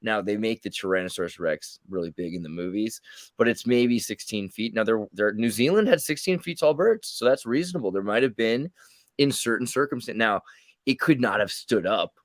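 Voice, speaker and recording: A man's voice: fairly low pitch, animated, brisk, no room sound. A man telling rambling, jokey stories in casual chat, putting on mock voices for the people he quotes.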